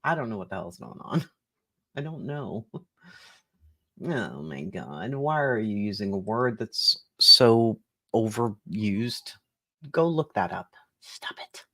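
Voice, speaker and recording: A man's voice: fairly low pitch, lively intonation, takes it slowly, pushed and bright, dry recording, studio quality. A man from Boston in a casual, profane reaction chat, often laughing and mocking what he watches. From Boston, USA. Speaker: streamer reacting to a debate.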